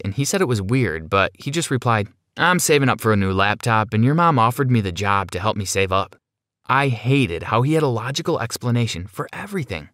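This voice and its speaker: A man narrating a first-person story in a steady, plain storytelling manner. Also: mid-range voice, no room sound, clean studio sound.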